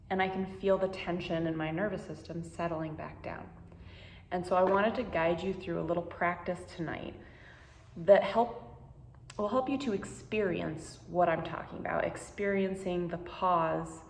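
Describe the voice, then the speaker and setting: Gentle low-voiced meditation guide woman. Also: vocal fry, echoey room, slight background noise. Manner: slow, gentle, soothing instructions.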